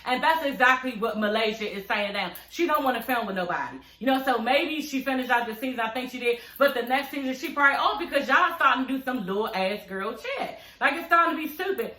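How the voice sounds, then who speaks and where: High, bright, profane woman recapping. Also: expressive, quick pace, few pauses, reverberant. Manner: blunt, profane, laughing, repeats "you know what I'm saying". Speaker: reality TV recap vlogger. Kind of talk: casual reality show recap rant.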